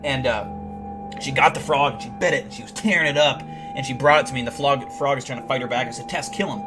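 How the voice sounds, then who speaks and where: A young man hosts a livestream and rambles through boastful, deadpan tall tales. His voice sits at an everyday middle pitch. Guitar music plays clearly behind him. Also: quick pace. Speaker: livestream host. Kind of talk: comedic in-character livestream storytelling.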